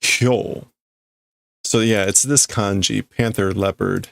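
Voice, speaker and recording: A man's voice: fairly low pitch, fairly even intonation, takes it slowly, vocal fry, dry recording. A man livestreaming as he reads and translates manga in a casual way, thinking aloud and often stopping to correct himself.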